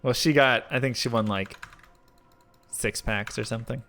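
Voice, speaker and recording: A man live-streaming, telling a rambling story in a casual, animated way with lots of filler words. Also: mid-range voice, moderate pace, slight background noise. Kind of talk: casual storytelling while gaming.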